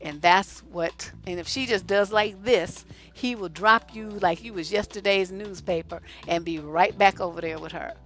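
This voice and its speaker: A middle-aged woman from Oakland, a relationship coach and host, giving blunt, animated advice to her viewers and laughing often. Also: lowish voice, vocal fry. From Oakland, California. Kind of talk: casual advice talk to viewers.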